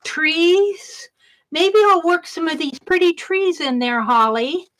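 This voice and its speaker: A woman's voice: very high-pitched, slow, fairly bright tone, poor audio. A middle-aged woman chatting cheerfully while she crafts at home, thinking aloud as she works. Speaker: craft vlogger. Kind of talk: casual crafting vlog chat.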